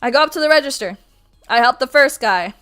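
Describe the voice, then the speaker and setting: A woman streamer launches into an animated, swear-laden rant for her chat. Her voice is bright and forceful and sits a little high, and she can project it loudly whenever she chooses. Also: brisk. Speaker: art streamer. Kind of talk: casual storytelling rant.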